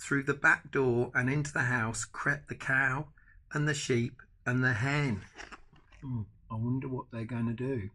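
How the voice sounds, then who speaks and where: An older man, a grandfather, reading a picture book aloud to his grandchildren with animated asides. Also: mid-range voice, measured pace. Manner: animated, adds chatty asides to the children. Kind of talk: bedtime storybook reading.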